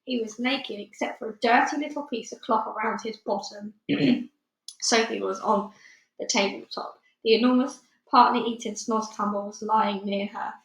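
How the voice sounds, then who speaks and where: A woman reading a children's storybook aloud in a steady, plain narrating voice, recorded with a roomy echo. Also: a little high, normal speed. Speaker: reader.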